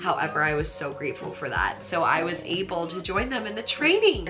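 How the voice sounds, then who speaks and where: A woman's voice: on the low side, animated, normal speed, hardly any pauses, music in the background. A young American woman, a yoga teacher, telling her personal story in a chatty, earnest, emotional vlog, full of "like". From United States.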